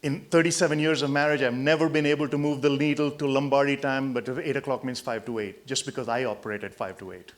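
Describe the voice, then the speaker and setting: A man in his sixties from India giving a motivational talk to hospital staff, an emphatic storyteller who swings between loud punchlines and quiet asides. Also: medium pitch, fairly even intonation, fast, few pauses. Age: 60s. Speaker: motivational speaker.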